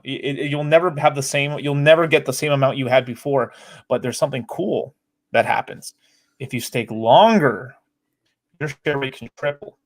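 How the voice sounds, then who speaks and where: Chatty man explaining with hedges. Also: mid-range voice. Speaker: co-host. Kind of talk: casual crypto chat.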